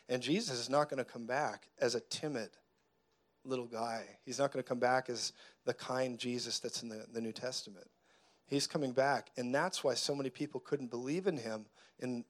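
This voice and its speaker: A man preaching a sermon, moving between quiet, intense stretches and loud, joking outbursts where he laughs and acts out voices. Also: medium pitch. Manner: preaching with humor, acting out voices. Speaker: pastor.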